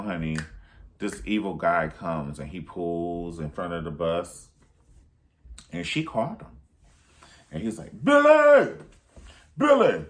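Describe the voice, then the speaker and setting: A man recapping a film in a sassy, profane, theatrical way. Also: sits low. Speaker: film reviewer. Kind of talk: casual movie recap.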